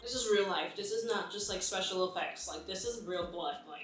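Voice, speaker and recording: A woman's voice: mid-range voice, a little fast, hardly any pauses. Storytelling woman in an echoey room. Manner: animated, acts out quotes, many fillers. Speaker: mukbang vlogger. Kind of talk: casual storytime.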